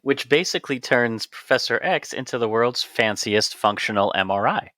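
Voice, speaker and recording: Male physician co-host, bright and forceful tone, dry close sound, steady explainer. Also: mid-range voice, normal speed, no echo. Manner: steady, explanatory, playfully leads the topic. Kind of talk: casual podcast chat.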